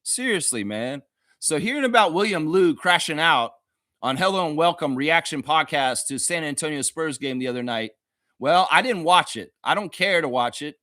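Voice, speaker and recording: A man's voice: a little high, expressive, moderate pace, pushed and bright, no room sound, clean studio sound. A man hosting a sports talk show, ranting in a mocking, profane way. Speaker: host.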